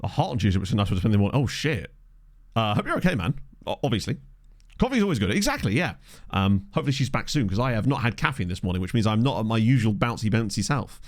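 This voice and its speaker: A gaming streamer with a fairly low voice talks fast and very animatedly into a desk condenser mic. He chats casually with viewers while playing, rambling and poking fun at himself.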